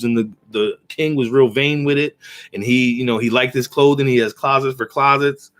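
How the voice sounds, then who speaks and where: A man's voice: mid-range voice, steady tone, moderate pace, a bit bright, clear, resonant tone. Rambling man preaching casually to camera. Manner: rambling storyteller, asks "right?" often. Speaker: video host.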